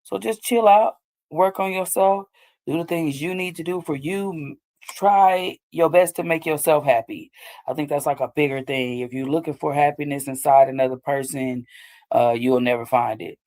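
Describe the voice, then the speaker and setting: A woman's voice: low voice, normal speed, mellow. A woman hosting a show, talking casually and loosely about healing after heartbreak, often asking "you know what I'm saying". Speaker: host. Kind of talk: casual advice talk.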